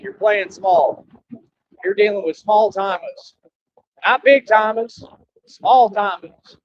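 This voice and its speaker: A young man with an American country accent, a live streamer delivering a brash, preachy rant to his viewers. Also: high-pitched. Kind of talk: ranting monologue to viewers. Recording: dull lo-fi stream audio with faint noise.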